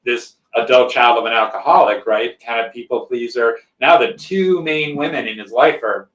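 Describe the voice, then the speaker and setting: A male podcast host rambles a bit through a personal story in casual conversation, frequently checking in with "right?". His voice is medium-pitched and a bit bright at a moderate pace, captured on a distant mic with roomy echo.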